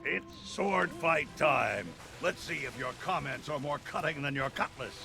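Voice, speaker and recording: A boastful pirate swordfighter taunts in a gravelly, cowboy-like drawl. His pitch sits a little high and swings widely between lines. Loud game music plays behind him. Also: animated, measured pace. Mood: taunting. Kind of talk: video game voice acting.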